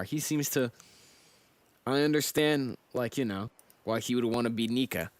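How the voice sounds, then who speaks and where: A man's voice: mid-range voice, moderate pace. Sleepy man chatting on a live stream. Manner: chatty, thinks aloud, addresses chat. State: sleepy, yawning. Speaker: streamer reading manga live. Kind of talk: casual live-stream reaction.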